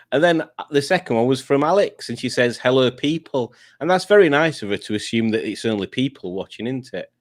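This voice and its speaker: A man's voice: medium pitch, expressive, brisk. A man hosting a casual chat show, reading out viewer comments and laughing often. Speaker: podcast host.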